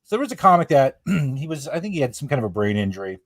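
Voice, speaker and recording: A man in his forties, a guest comedian in a relaxed conversation. He rambles through his memories, often restarting his sentences. The voice is mid-pitched and recorded dry and close. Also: fast, no echo. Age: 40s. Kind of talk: casual chat.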